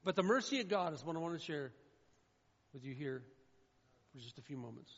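High-voiced man preaching in an echoey hall. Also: lively intonation, brisk, breathy edge. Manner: emphatic preaching with swings from loud to hushed. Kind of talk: sermon. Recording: echoey hall with dull sound.

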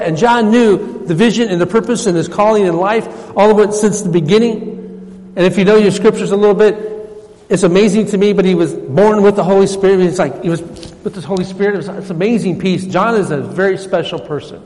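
A man's voice: high voice, brisk, a little mellow. A male pastor preaching a sermon in a folksy, conversational way, retelling conversations. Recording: long church reverb.

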